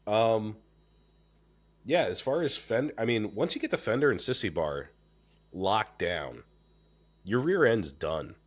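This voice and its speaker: A man with a very deep voice, congested and stuffed up, chatting casually as a podcast host. He talks loosely, with plenty of fillers and swearing. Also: takes it slowly, pauses often. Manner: relaxed, swears freely, many fillers. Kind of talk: casual chat.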